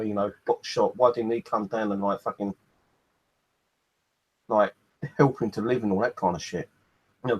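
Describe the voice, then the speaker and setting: A man's voice: fairly low pitch, slightly rough. A man rambling in a casual vlog, swearing freely and padding his talk with fillers, hot and thirsty. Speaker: vlogger.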